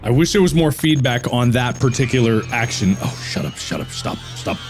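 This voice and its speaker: A man's voice: mid-range voice, expressive, normal speed, faint music behind. A man hosting a horror game let's play, talking to himself, jumpy and reacting with frantic repeats and swearing. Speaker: gaming channel host.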